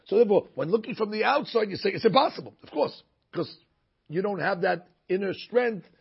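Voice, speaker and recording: A man's voice: high-pitched, normal speed, creaky, slightly rough. A man teaching a recorded Torah lesson, telling stories and using many Hebrew terms. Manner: storytelling, sprinkled with Hebrew terms. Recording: muffled lo-fi recording.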